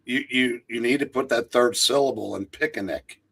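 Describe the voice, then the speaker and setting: A man's voice: mid-range voice, moderate pace, vocal fry, fairly bright tone, husky. A man co-hosting a comic book livestream, chatting casually with wry remarks and stammered restarts. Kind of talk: casual chat.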